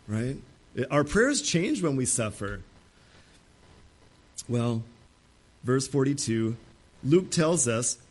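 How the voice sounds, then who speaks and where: A man's voice: mid-range voice, a little mellow. A middle-aged male pastor preaching a sermon, dramatic and acting out the pleas of Bible figures.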